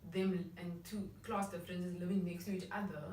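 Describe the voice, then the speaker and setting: Cape Town woman, low, echoey distant mic. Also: level tone, fairly quick, a little mellow, slight background noise. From Cape Town, South Africa. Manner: chatty and reflective, many restarts. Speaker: vlog co-host. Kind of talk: casual discussion.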